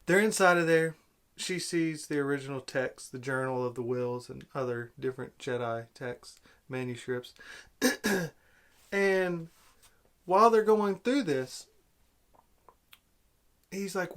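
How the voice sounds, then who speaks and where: A man's voice: a little high, a little slow. A man giving an angry, sarcastic movie review rant, exasperated and repeating himself. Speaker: video blogger.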